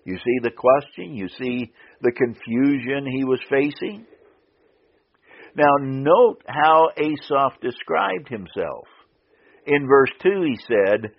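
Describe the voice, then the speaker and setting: A male preacher delivers a sermon at a slow, deliberate pace, repeating key phrases for emphasis. His voice is slightly husky and sits at a middle pitch. The sound is dull and lo-fi, like an old radio broadcast. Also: lively intonation.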